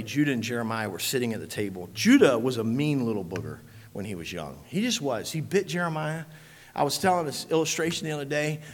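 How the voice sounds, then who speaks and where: A man delivers a sermon as pastor, his voice pitched high and bright. His delivery is lively and wide-ranging, falling to near whispers and climbing to shouted peaks. The sound rings with the long reverb of a large hall. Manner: preaching with big swings from hushed to shouting.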